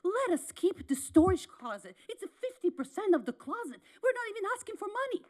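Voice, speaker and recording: A woman, a parent, giving an impassioned public comment at a city meeting, pleading and repeating herself with halting restarts, speaking at a podium microphone in a council chamber. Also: very high-pitched, big pitch swings.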